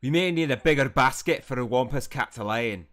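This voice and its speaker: A man reading aloud as an older male magic professor who keeps creatures, in a loud, emphatic put-on accent. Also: medium pitch, brisk, natural voice. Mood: reassuring.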